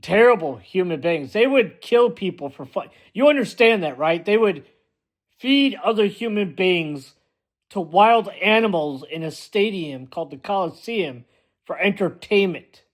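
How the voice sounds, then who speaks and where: A man's voice: sits high, expressive, measured pace. A man delivering a blunt, emphatic ranting monologue as a vlogger, often repeating himself for force.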